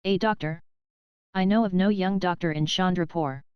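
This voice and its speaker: A woman's voice: lowish voice, normal speed, clear, resonant tone, no echo, highs cut off, close to an everyday voice. A woman reading the part of a curt, dictatorial young male English official in an audiobook.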